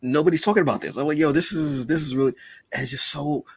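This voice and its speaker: Husky-voiced man, casual podcast chat. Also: fairly high pitch, fast talker, no echo, studio quality. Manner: animated, acts out quoted lines, self-deprecating asides. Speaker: podcast co-host.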